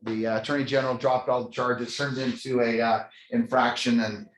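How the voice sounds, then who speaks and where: Speaking brisk and flat at a medium pitch, a CEO jokes about himself in a chatty stage story full of restarts for a live crowd. The large room gives the recording an echoey sound.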